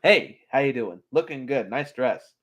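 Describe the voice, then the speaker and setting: Hades, a wisecracking underworld god. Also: male voice, medium pitch, animated, unhurried, fairly bright tone, dull audio. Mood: sardonic. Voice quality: sarcastic, smooth-talking. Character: wisecracking male god of the underworld, sly, fast-talking. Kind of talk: animated film dialogue.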